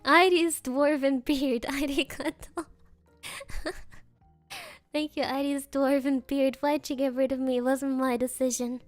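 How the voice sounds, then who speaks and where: A woman's voice: high-pitched, level tone, a little slow, no room sound, soft background music. A woman streamer in casual chat, rambling through sarcastic rants and laughing often.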